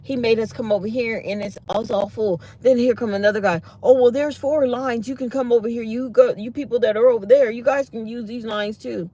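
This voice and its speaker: A woman's voice: fairly high pitch, fairly even intonation, fairly quick, hardly any pauses, dark tone. A middle-aged woman hosting her channel, telling a story casually to her viewers and acting out each exchange with exasperation. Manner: exasperated, acts out quoted exchanges. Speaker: channel host.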